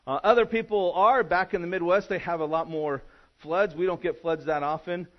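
Pastor from California, male, high-pitched, chatty sermon delivery, muffled recording. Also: normal speed. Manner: conversational preaching with frequent restarts and fillers.

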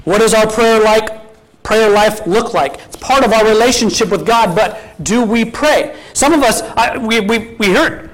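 A male pastor with a notably high-pitched voice delivers a sermon in a relaxed, conversational way. He keeps turning to the congregation with questions and weaves in spoken scripture quotes. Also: normal speed, low-quality recording. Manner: quotes scripture at an easy speaking pace.

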